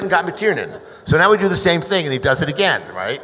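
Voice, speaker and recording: A man on a panel telling a long behind-the-scenes story, restarting often and turning animated when he quotes others. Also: on the high side, fast, few pauses. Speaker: screenwriter guest. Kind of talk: anecdotal panel talk. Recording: hall reverb.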